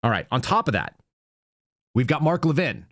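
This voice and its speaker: A man's voice: mid-range voice, big pitch swings, moderate pace, fairly bright tone, no echo, studio quality. A man hosting a political commentary show, sarcastic and heated, reading quotes aloud with emphasis. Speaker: show host.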